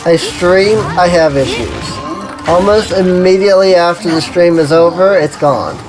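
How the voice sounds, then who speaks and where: Over game music, a streamer with a mid-range voice at normal speed rambles through casual live commentary, leaning heavily on "like" and coughing from an irritated throat. The recording is rough.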